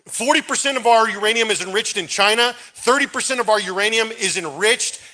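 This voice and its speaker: Debate candidate, high bright voice, rushed delivery with lots of uhs and ums. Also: male voice. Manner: rapid, filler-heavy, urgent. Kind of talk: campaign debate answer.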